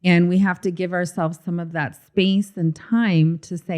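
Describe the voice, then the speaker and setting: A woman co-hosting a marriage coaching podcast, telling stories in an expressive, animated way. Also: fairly low pitch, a little slow, few pauses. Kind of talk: casual podcast conversation.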